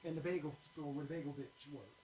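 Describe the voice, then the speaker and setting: A man's voice: a little high, fast, background noise. A man co-hosting a show, telling a story casually and dramatically. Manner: dramatic, expressive. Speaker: co-host. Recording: echoey room, away from mic.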